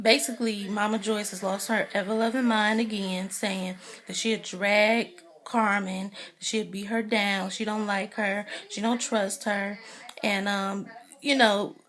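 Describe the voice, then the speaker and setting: A woman's voice: medium pitch, fairly bright tone. A young woman giving a casual, opinionated recap of a TV episode, acting out what people said and leaning on "you know" as she goes. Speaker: TV recap vlogger.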